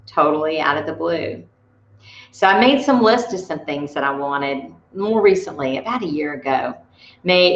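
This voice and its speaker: There's slight background noise as a woman with a low, somewhat bright voice leads a motivational workshop. Chatty and full of personal stories, she restarts often, and the recording sounds roomy and dull.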